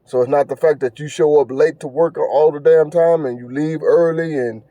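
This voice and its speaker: A middle-aged man talks solo on his podcast in an earnest, lecturing way. His voice sits a bit high but sounds warm and dark, and he often repeats himself and stumbles over uh's. The recording is dry, with no room sound. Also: fairly even intonation, normal speed, no echo. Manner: earnest, preachy, repeats phrases, stumbles with fillers. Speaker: podcast host. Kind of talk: casual monologue commentary.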